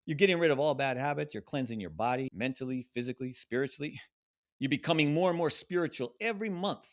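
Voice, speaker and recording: Lively-voiced man giving a spiritual talk. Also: medium pitch, quick pace. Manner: rambling, laughs between points, repeats phrases. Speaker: spiritual teacher.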